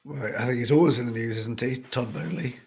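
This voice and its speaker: A man in his fifties co-hosting a sports podcast, his voice croaky from a cold, talking in a hesitant, casual way with many ums. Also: medium pitch, brisk, a little mellow, a little hiss or hum. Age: 50s. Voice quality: husky. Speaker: podcast co-host.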